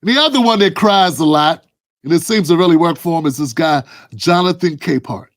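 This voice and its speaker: A man hosts a casual political commentary show with a somewhat raised pitch. He rambles and laughs at his own jokes in a mocking tone. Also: animated, brisk.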